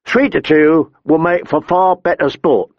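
A man's voice: fairly high pitch, animated, unhurried, creaky, husky, no room sound, highs cut off, heavily acted. A man narrating a story and voicing a small, cheerful, wry boy squire.

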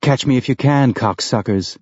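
A man voicing a mindless, possessed space station that chants and repeats itself in a drawn-out way, on a dull lo-fi recording. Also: mid-range voice, darkish tone, husky, no echo, close to an everyday voice. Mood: taunting.

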